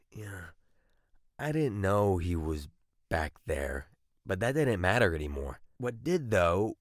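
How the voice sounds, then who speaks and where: A man's voice: deep voice, no room sound, studio quality. A man in his twenties narrating comedic storytime anecdotes with crude, self-mocking humor.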